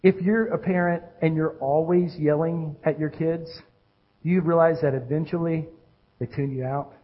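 A man preaching a sermon in a high, husky voice. He swings between ringing calls and quiet, hushed lines, and the audio sounds dull and muffled. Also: steady tone, moderate pace. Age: adult with children. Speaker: pastor.

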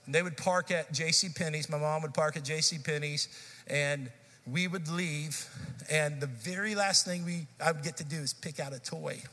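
A pastor in his forties preaches with a bright, forceful voice that sits a little high, telling stories in a lively, conversational way. His words ring out with the long reverb of a church sanctuary. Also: moderate pace. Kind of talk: sermon.

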